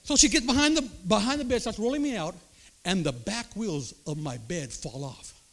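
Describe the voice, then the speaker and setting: A man preaching, telling his own testimony story with animated storytelling and acted-out voices. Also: sits high, moderate pace. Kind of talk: sermon testimony.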